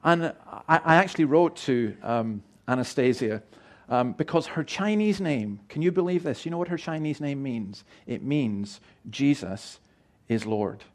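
A man's voice: medium pitch, animated, measured pace. A middle-aged man preaching a sermon in an earnest, emphatic way, often restarting and repeating words. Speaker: pastor.

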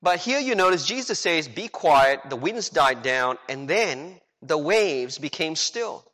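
Animated preacher in a reverberant hall. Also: male voice, a little high, measured pace. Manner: animated, rhetorical questions, acts out quotes. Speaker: pastor. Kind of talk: sermon.

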